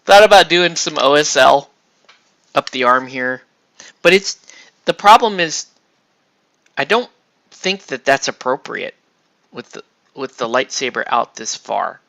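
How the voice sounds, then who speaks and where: A man's voice: medium pitch, expressive, a little slow, creaky, long pauses, pushed and bright, no room sound. A man chatting casually as he paints miniatures, rambling and restarting his sentences, with some mild swearing. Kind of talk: casual chat while painting.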